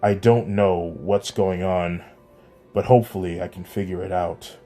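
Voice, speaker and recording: A man voicing a polite, nervous teenage boy hero who speaks softly and stammers, over faint music. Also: deep voice, steady tone, a little slow. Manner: soft-spoken, hesitant, stammers.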